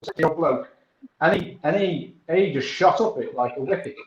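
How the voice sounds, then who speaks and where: A chatty man who laughs easily, his voice sitting a bit high. The sound is roomy and dull, with faint hiss underneath. He talks in a loose, casual way. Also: brisk. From Wales. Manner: chatty, laughs often, British slang. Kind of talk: casual chat.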